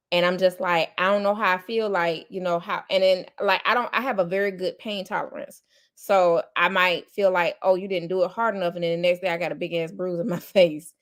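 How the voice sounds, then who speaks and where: A woman hosting a casual podcast, candid and quick to laugh. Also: fairly low pitch. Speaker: podcast host.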